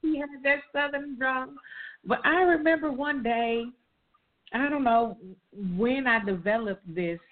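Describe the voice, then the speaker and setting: A woman co-hosting a casual talk show, animatedly telling a childhood story. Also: on the high side. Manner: animated, reminiscing, emphatic. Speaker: co-host. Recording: tinny phone-like line.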